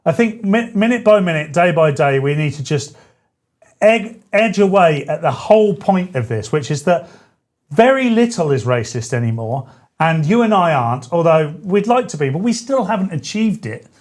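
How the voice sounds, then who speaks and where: A man, hosting a live-stream show in a chatty, joking way with quick asides. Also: on the high side, big pitch swings. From England. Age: 40s. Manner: chatty, jokey, self-correcting asides. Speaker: show host. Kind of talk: casual live-stream chat.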